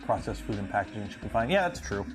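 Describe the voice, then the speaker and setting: A man's voice: lowish voice, very animated, quick pace, over music. A man from Canada hosting a casual livestream, chatting with viewers and ranting animatedly about a pet peeve. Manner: chatty, reads chat aloud, rants animatedly. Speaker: livestream host.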